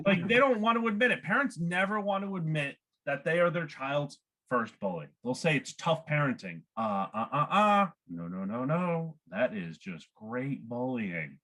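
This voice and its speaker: A male stand-up comic with a bright, forceful voice that climbs high and swings widely. He talks in an animated way and often breaks into laughter at his own jokes. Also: moderate pace, few pauses. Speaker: stand-up comedian. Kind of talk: stand-up set at an online open mic.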